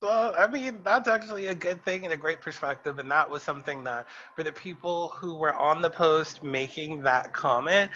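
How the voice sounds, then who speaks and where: A man's voice: fairly high pitch, moderate pace, hardly any pauses, pushed and bright, lo-fi sound, a little hiss or hum. A man co-hosting a casual podcast chat, ranting in a sassy, emphatic way. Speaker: podcast co-host.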